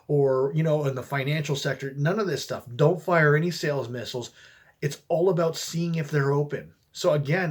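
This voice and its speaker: A man talking through a sales approach in a relaxed, conversational coaching style, with frequent fillers and restarts. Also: fairly high pitch, normal speed. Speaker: network marketing coach. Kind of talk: casual coaching talk to camera.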